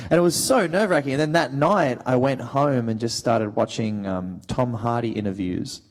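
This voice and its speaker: A man's voice: mid-range voice, fairly quick, few pauses. Chatty Australian man telling stories. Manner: animated storyteller, many fillers. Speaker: actor, panel guest. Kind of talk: anecdotal panel talk.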